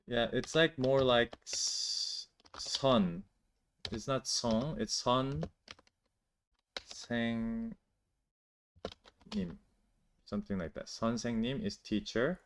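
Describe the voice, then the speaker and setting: A man runs a casual live-stream lesson in a middle-pitched voice. He explains in loose, chatty bursts, leaning on "like" and restarting his sentences as he answers viewers' questions. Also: a little fast, few pauses, a bit bright, slight background noise. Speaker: Korean language teacher.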